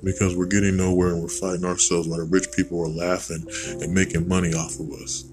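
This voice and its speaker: A man's voice: low voice, level tone, fast, music in the background, rough recording. An American man hosting a podcast, rambling through a blunt, digressive opinion monologue with casual swearing. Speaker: podcast host.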